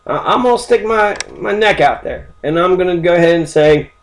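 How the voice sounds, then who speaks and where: A man's voice: high-pitched, animated, normal speed, a little hiss or hum. Angry, foul-mouthed ranting man. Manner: angry, heavily swearing, rambling. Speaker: history channel host. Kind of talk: profane history rant.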